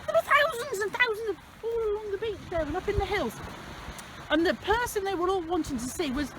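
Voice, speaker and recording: Lively woman telling a kids' story. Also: extremely high pitch, brisk, noisy background. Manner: lively, chatty, talks straight to children. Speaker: storyteller in superhero costume. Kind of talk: in-character children's storytelling.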